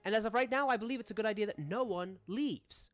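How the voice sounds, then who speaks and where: A game master voicing a stiff, long-winded gentleman who speaks formally and a little louder than usual. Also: medium pitch, fast talker, voice pushed up, lightly acted. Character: stiff formal manor official.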